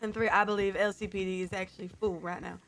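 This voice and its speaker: A woman's voice: medium pitch, flat delivery, fast talker, a bit bright, soft background music. A woman streamer chatting casually to her viewers, keeping up a put-on character accent, with lots of fillers.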